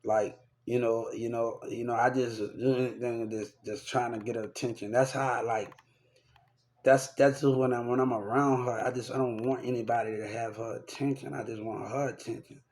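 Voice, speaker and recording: A man's voice: medium pitch, steady tone, moderate pace, darkish tone. A young man talking in a rambling, repetitive and profane way, venting about people in his life in a casual rant to camera. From Texas.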